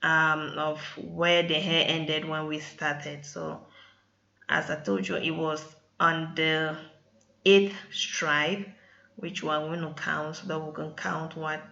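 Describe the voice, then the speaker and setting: Slow, gravelly woman vlogging about hair. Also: sits low, flat delivery, sharp tone, lo-fi sound. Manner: chatty, keeps saying "guys". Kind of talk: casual vlog voice-over.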